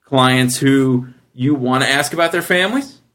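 Male podcast host, 30s, casual and animated storyteller. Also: normal speed. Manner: animated storyteller, jumps high when quoting others.

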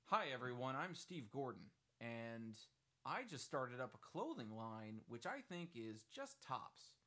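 A man putting on the voice of a cheery male pitchman, speaking in a wholesome, folksy tone. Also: very animated, unhurried, fairly bright tone. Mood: chipper. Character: chipper upbeat male clothing-line pitchman.

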